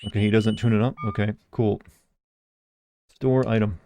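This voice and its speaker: A man's voice: lowish voice, fairly even intonation, moderate pace, warm tone, a little hiss or hum. A young man casually commenting while he plays a game on a live stream, rambling and reading chat messages aloud.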